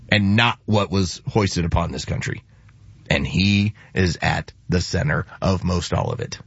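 A man in casual talk show chat, speaking heatedly and getting louder when indignant. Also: low-pitched, unhurried, breathy edge, no room sound, highs cut off.

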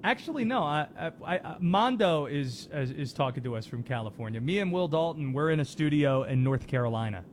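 A man's voice: on the high side, lively intonation, fairly quick, few pauses, a little hiss or hum. A man hosting sports talk radio from a studio, driving his points home with rhetorical questions.

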